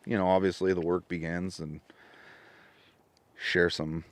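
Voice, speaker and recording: A middle-aged man with a very deep voice tells his story at a relaxed podcast pace, recorded dry and close. He gets animated and acts out the voices in his phone calls. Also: measured pace, dry recording. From Washington State. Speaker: podcast guest. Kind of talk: casual storytelling chat.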